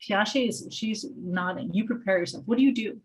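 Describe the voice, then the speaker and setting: A woman's voice: mid-range voice, brisk, poor audio. A woman psychologist leading a workshop, talking directly to participants and coaching them. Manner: direct, coaching, asks the audience questions. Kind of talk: interactive workshop teaching.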